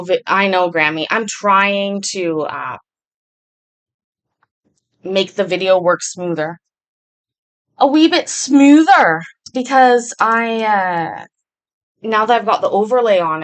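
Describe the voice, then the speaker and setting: A woman's voice: lowish voice, a little slow, long pauses, a bit bright. A woman hosting a casual livestream, chatting with viewers and answering their comments as they come in. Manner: chatty, rambling, reads and answers chat comments aloud. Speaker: livestream host.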